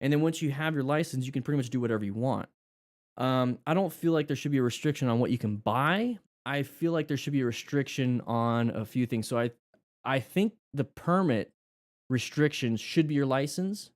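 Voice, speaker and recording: Speaking a touch quickly in a mid-range voice, this American man runs a live motorcycle class. He reads out questions from viewers and answers in a relaxed way, reasoning aloud and fixing his own slips. The audio is dry.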